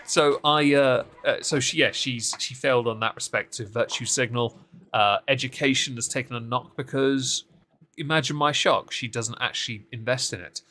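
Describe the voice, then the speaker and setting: A man's voice: mid-range voice, normal speed, bright, forceful tone. A man co-hosting a casual live-stream political recap, talking into a desk microphone with sarcastic, mocking asides. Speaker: co-host of a political recap show.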